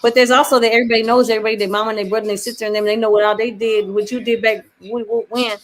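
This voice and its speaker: Chatty fast-talking woman host. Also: on the high side, little pitch movement. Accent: mixed Southern and New York. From Buffalo, New York. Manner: chatty, loose rambling with many "you know what I mean". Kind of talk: casual chat.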